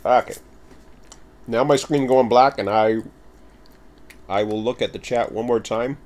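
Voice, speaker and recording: A man's voice: mid-range voice, measured pace, a little mellow. A man casually chatting and rambling to his viewers while hosting a game livestream, poking fun at himself. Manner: rambling, chatty, self-mocking. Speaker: game streamer.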